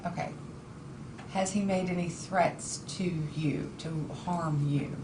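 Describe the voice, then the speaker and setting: A woman presiding as judge in a courtroom, asking measured, methodical clarifying questions. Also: low-pitched, steady tone. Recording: distant echoey room mic with noise.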